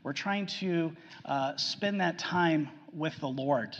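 A man preaching a sermon earnestly, repeating his points and swinging from loud emphasis to hushed low lines. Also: takes it slowly. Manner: earnest, repetitive, frequent restarts, swings between loud emphasis and hushed lows. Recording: muffled sound with long hall reverb.

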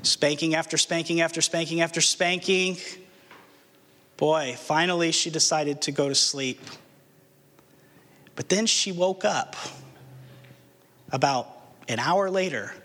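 A man preaching a sermon in an earnest manner, asking rhetorical questions and slowing down for emphasis. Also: high-pitched, bright, forceful tone, big-room sound. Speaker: pastor.

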